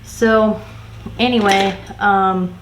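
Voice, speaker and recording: A woman's voice: mid-range voice, steady tone, extremely slow, roomy sound, noisy background. A woman makeup vlogger chatting casually while doing her makeup, ranting in an exasperated way and swearing casually.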